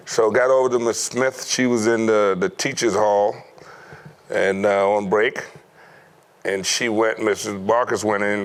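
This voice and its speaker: A middle-aged former pro football player telling stories from his youth in a lively way, laughing often. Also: on the low side. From United States. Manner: animated storyteller, acts out quoted voices, laughs often. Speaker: former NFL player, guest. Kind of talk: storytelling interview.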